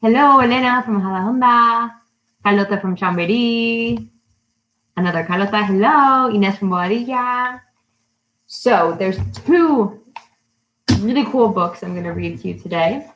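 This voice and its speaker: A woman, an English teacher, greeting children by name and leading a live-streamed storytime lesson with slow, bright questions. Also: a little high, dull audio. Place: her home in a city.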